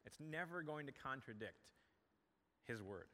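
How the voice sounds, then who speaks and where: Pastor, male, conversational sermon delivery with earnest emphasis, bright forceful tone, reverberant church hall. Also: medium pitch, expressive, a little slow.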